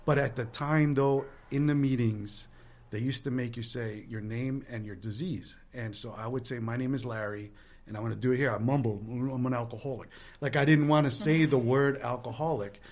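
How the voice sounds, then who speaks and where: A man's voice: medium pitch, normal speed, a little mellow. A man telling his recovery story in a candid, earnest and self-deprecating way, with small restarts. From Latin American heritage. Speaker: guest sharing recovery story.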